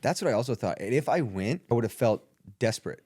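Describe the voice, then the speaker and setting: A man in a casual podcast chat, telling an animated story and laughing often. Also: mid-range voice, quick pace, slightly rough, no echo, clean studio sound.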